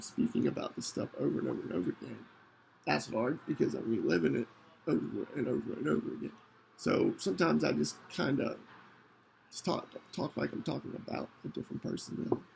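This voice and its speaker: A man hosting a podcast, telling a personal story in an earnest, halting way with many restarts. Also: medium pitch, creaky, darkish tone, a little hiss or hum, low-quality recording. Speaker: podcast host.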